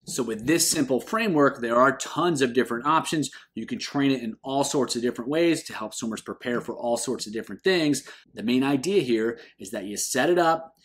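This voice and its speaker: A swim coach explains training drills in an instructional video, his medium-pitched voice emphatic and lifting on every item in his list.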